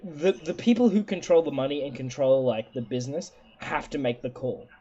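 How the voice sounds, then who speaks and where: A man's voice: medium pitch, a little fast, mellow, highs cut off, soft background music. A man co-hosting a gaming podcast, talking casually, opinionated and swearing freely. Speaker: podcast co-host.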